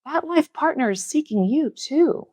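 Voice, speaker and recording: A middle-aged woman speaks casually as a spiritual teacher telling a personal story. She acts out the quoted lines with sudden jumps up in pitch. The sound is dry and close, with no room echo. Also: animated, a little slow, warm tone. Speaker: spiritual teacher and podcast host.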